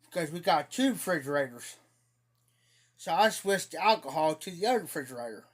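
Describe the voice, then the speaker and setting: A man's voice: fairly high pitch, animated, fairly quick. A man casually telling a rambling, folksy story on a live stream, laughing at his own tale.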